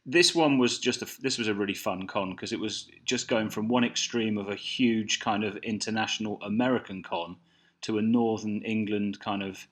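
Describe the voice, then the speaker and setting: A man with a Birmingham accent co-hosts a documentary film commentary, chatting casually. His voice is fairly low, steady, and a bit bright at normal speed, and his easygoing, chatty delivery includes a few restarts.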